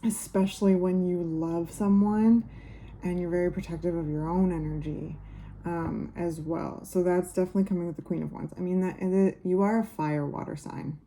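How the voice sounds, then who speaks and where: A woman giving a casual tarot reading to camera. She muses unhurriedly, uses many fillers and speaks warmly to her viewers. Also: on the low side, steady tone, moderate pace. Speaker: tarot reader.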